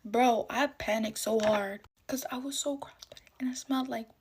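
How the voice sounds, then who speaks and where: A woman's voice: fairly high pitch, fairly even intonation, normal speed, noisy background. A woman telling a dramatic storytime while getting ready, full of slang and swearing.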